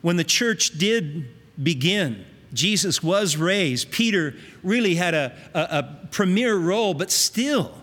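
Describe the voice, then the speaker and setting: A man's voice: high voice, fairly bright tone, in a large hall. A man preaching a sermon, teaching in an earnest, conversational way with emphatic rises.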